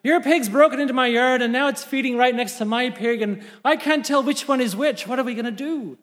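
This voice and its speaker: A man voicing an excited Irish farmer, shouting in a put-on Irish accent. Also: a little fast. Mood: dismayed. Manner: loud, excited, high-pitched. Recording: long hall reverb.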